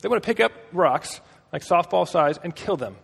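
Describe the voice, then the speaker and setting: A man's voice: sits high, lively intonation, moderate pace, vocal fry, fairly bright tone, husky, long reverb tail. A man preaching a casual, storytelling sermon with a conversational manner and joking asides.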